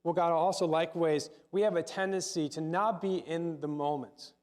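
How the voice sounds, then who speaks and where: A middle-aged male pastor gives a sermon in a relaxed, conversational manner. His voice sits a little higher than most men's. He stumbles over and repeats words and keeps asking the room questions. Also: normal speed.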